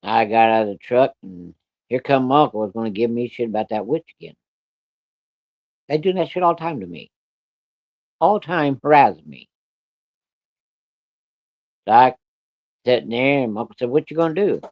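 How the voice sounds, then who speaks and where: A man spins a yarn in a loose, folksy way, swearing freely and using plain country grammar. His voice sits at an ordinary middle pitch. The recording is a little muffled and lo-fi. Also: animated, moderate pace, pauses often, no room sound. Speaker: storyteller. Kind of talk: casual spoken storytelling.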